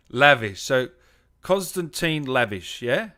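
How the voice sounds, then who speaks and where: Male gaming host, mid-range voice, chatty and excitable, casual live-stream delivery over a video call. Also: medium pitch, slow. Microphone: home microphone on a video call.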